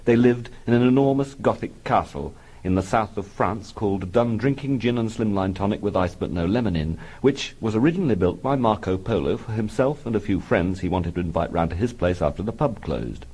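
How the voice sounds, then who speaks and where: Deadpan low-voiced man reading. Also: brisk, hardly any pauses, breathy edge, rough recording. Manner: dry, deadpan, absurd. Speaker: comic narrator. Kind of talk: deadpan comic memoir reading.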